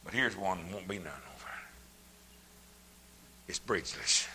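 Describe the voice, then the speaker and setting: An older man preaching a sermon, folksy and plain-spoken, his voice swelling up into shouts. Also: on the low side, a little slow, long pauses, breathy edge, big-room sound.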